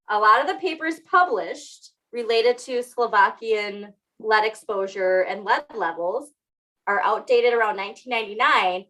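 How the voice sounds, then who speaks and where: A woman's voice: fairly high pitch, a bit bright, low-quality recording. A young adult woman co-hosting a podcast in casual chat, laughing often and teasing herself. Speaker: podcast co-host.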